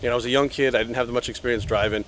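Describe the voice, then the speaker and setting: A man in his forties telling a wild story by a road, animated and swearing freely. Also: mid-range voice, very fast, a little hiss or hum. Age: 40s. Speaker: vlogger. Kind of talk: casual storytelling vlog. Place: outdoors by a road.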